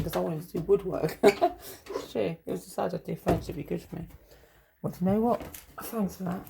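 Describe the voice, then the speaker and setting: A woman's voice: medium pitch, gravelly, warm tone, slight background noise. A woman, talking in a blunt, sweary, rambling way with muttered asides. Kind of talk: rambling casual monologue.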